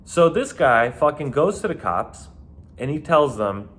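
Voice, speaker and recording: A man's voice: fairly high pitch, sing-song, measured pace, fairly bright tone. A man who used to work as a nightclub bouncer tells stories in a casual, profane and rambling way. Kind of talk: casual storytelling.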